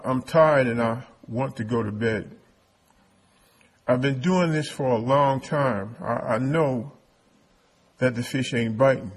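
A man's voice: mid-range voice, slightly rough. A man preacher voicing a tired, stubborn fisherman disciple, stammering and repeating words as he reluctantly gives in.

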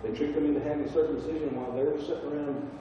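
A man with a Southern US accent teaching a Bible class, halting and repeating himself as he quizzes the group. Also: a little high, level tone, slight background noise. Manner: halting, repeats words, asks the class questions. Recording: echoey room from far off, dull sound.

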